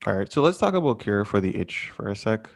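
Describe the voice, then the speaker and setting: Gravelly laid-back man, lively pitch. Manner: laid-back, halting, repeats words, swears casually. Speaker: podcast co-host. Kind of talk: casual chat.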